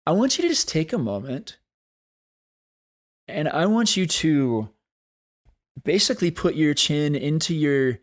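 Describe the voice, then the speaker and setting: A man hosting a solo podcast, talking in an earnest, thoughtful way and slowing down to stress key points. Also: a little high, big pitch swings. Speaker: podcast host. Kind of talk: reflective solo podcast talk.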